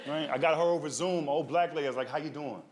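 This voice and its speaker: On a comedy stage, a male stand-up comedian holds a handheld mic and spins rambling, streetwise stories to a live audience, often asking the crowd "you know what I mean." His voice sits on the high side and comes out rapid-fire. Audience laughter rises in the background.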